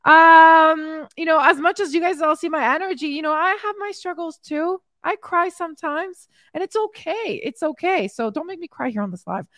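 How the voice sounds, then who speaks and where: A very high female voice moves at normal speed with few pauses and a fairly bright tone, recorded clean in the studio with no room sound. She's a fitness coach and podcast host at home in Mexico, reading viewer comments on a live stream and celebrating her clients' wins. Emotional and heart-on-sleeve, she keeps hyping everyone up.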